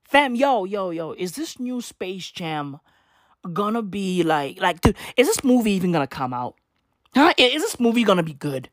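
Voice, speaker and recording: A man's voice: sits high, big pitch swings, moderate pace, no echo, studio quality. A man ranting casually to camera, profane and slangy, rambling with constant rhetorical questions. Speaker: vlogger.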